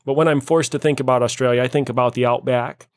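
A man's voice: mid-range voice, fairly even intonation, fast, no echo, clean studio sound. A man hosting a casual talk show, playfully quizzing and teasing his co-hosts. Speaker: host. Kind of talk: casual chat.

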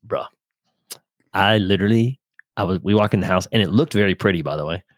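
A man's voice: sits low, a little fast, no echo, clean studio sound. A man co-hosting a casual faith podcast, telling stories with acted-out quotes and easy laughter. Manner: animated storyteller, acts out quotes, laughs easily. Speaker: podcast co-host.

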